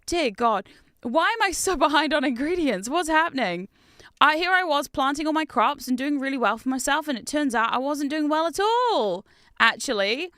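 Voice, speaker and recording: Bright, lively young woman gaming. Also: high-pitched, normal speed, no room sound, studio quality. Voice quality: chatty, self-mocking, swears casually. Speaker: gaming streamer. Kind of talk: casual gameplay chat.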